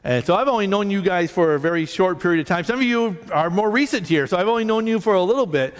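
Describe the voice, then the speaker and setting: A male pastor preaching a sermon, animated as he tells stories and acts out both sides of conversations. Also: high voice, fast, smooth, in a large hall. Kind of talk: sermon with storytelling.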